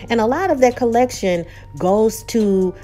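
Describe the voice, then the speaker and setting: A woman hosting a TV episode recap, talking in a chatty, animated way with frequent asides. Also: on the high side, unhurried, soft background music. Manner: chatty and animated, frequent "you know" and restarts. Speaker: show recap host. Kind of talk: casual recap commentary.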